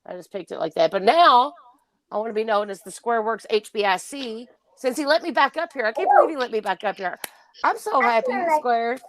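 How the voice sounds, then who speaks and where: A woman's voice: fairly high pitch, lively intonation, fairly quick, rough recording. A woman chatting casually in an online voice chat, rambling with many fillers. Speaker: guest on a live audio chat.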